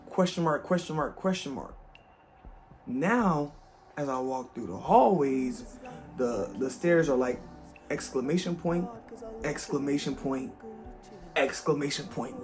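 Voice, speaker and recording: A young man telling a personal story in a casual, animated, slangy way, speaking directly to his viewers. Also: mid-range voice. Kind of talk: storytime vlog.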